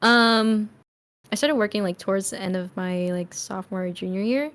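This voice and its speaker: A young woman chatting as a podcast guest, telling a story in an animated way and acting out the lines of the people in it. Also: medium pitch, moderate pace. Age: young adult. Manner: animated storyteller, acts out quoted dialogue. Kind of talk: casual chat.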